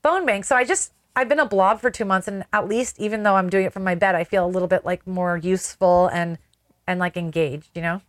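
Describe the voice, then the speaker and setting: A woman's voice: mid-range voice, brisk, no echo, studio quality. Chatty young woman on a video call. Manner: chatty, rambling, full of 'like'. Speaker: podcast co-host. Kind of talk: casual chat. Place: small closed room at home.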